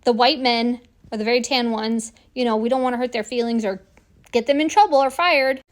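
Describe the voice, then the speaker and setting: A woman's voice: fairly high pitch, fairly quick. A woman in her forties telling a personal story straight to camera in a casual, indignant way, acting out what people said. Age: 40s. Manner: animated, indignant, acts out quoted lines. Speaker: vlogger.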